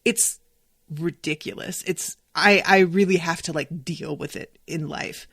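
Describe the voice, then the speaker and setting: A young adult woman hosting a solo book podcast, talking in a chatty, animated way and swearing freely. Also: on the low side, measured pace, husky, no echo, clean studio sound. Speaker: podcast host. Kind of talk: casual solo book discussion.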